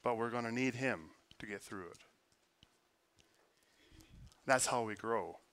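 A man preaching a sermon, earnest, moving between forceful emphasis and quiet, hushed prayer. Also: mid-range voice, slow pace. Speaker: pastor.

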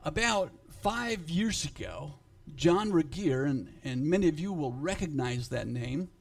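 A man preaching to his congregation in a fairly high voice. He speaks slowly and emphatically, and his loudness rises and falls. When he leaves his notes he halts and repeats words. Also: animated, creaky. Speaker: pastor. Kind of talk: sermon.

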